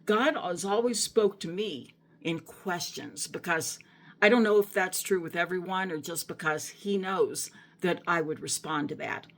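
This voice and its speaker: A middle-aged woman speaks earnestly to her viewers about her faith, her low voice carrying a gravelly edge. She grows emotional and often stops to restart a sentence. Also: unhurried. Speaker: Christian vlogger. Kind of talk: personal testimony talk to camera.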